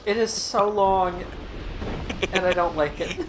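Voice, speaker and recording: A man's voice: high voice, measured pace. Man, game host, casual commentary, dry wry tone, noisy recording. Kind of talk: casual group commentary over gameplay.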